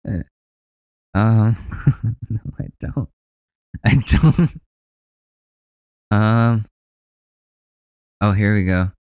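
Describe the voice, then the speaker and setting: A podcast host in a casual, rambling rant, joking and often trailing off. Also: male voice, on the low side, drawn-out words, pauses often, darkish tone, clear, resonant tone, dry recording.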